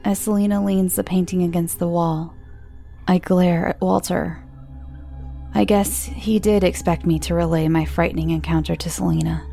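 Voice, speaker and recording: A woman narrating a first-person horror story in a hushed, tense storytelling manner. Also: fairly low pitch, fairly even intonation, normal speed, gravelly. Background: music.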